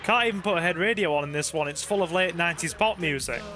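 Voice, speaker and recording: A man's voice: on the high side, fast, music in the background. A man giving casual let's-play commentary, chatty and joking, swearing casually and talking to his viewers. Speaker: gaming channel host.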